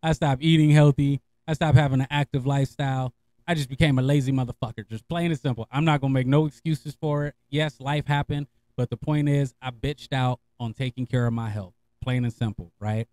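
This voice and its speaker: A man's voice: medium pitch, normal speed, no room sound. A middle-aged man hosting a podcast, telling stories in a casual, profane way and laughing often. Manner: laughing, profane, animated storyteller. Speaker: podcast host. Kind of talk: casual storytelling monologue.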